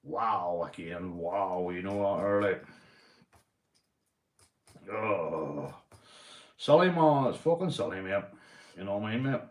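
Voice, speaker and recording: A man's voice: deep voice, lively intonation, takes it slowly, pauses often, roomy sound. Sweary Northern Irish man ranting. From Northern Ireland. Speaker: livestream host. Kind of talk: casual livestream rant.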